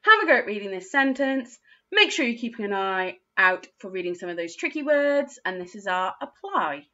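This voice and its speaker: A woman teaches phonics to young children, sounding out each word letter by letter. Her voice is bright and lively, moving up and down a lot, and her pace is slow and patient. The recording has a dull, lo-fi quality. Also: medium pitch. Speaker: primary school teacher.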